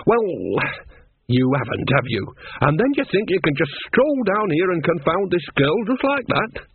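A man's voice: high voice, very animated, moderate pace, husky, voice pushed up, full character voice. A man voicing a fussing, earthy old witch woman in a raised, chiding voice, on a tinny recording. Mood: fretful. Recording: tinny phone-like sound.

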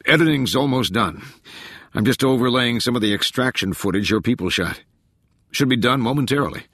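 A man voicing a tired but enthusiastic male television scientist who answers quickly and obligingly. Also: medium pitch, expressive, fairly bright tone, dry recording, studio quality, pitched above the performer's own voice. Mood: eager.

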